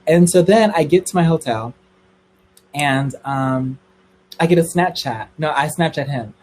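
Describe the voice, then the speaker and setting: A young man telling a story on a livestream in a casual, gossipy way, swearing freely and squealing high when excited. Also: a little slow, slight background noise, rough recording.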